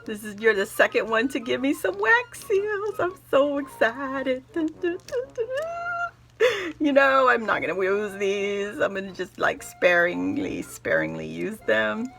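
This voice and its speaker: A woman's voice: a little high, animated, unhurried, gravelly, few pauses, fairly bright tone, soft background music. Gushing woman unboxing craft gifts. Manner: gushing, gasping, effusive. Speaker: craft vlogger opening gifts. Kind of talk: casual gift unboxing.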